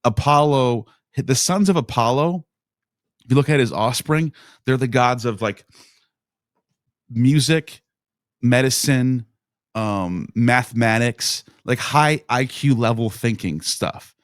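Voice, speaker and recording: A man's voice: medium pitch, slow pace, no room sound, clean studio sound. A man as a podcast guest in casual discussion, thinking aloud in meandering explanations.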